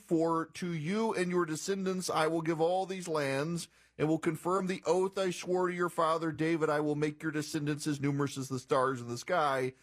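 A man hosting a political radio talk show, with a voice pitched a little high for a man. He reads passages aloud and breaks off into sarcastic, incredulous commentary.

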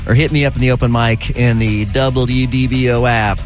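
A man's voice: medium pitch, fairly even intonation, soft background music. A man hosting a talk radio show, speaking in a sarcastic, opinionated way and repeating his points for emphasis. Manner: sarcastic, repetitive, drawn-out emphasis. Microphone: studio microphone.

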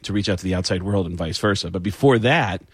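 A middle-aged man, a stand-up comedian, telling stories in a casual interview with lively slips into voices. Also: low voice, fast talker, breathy edge, no echo.

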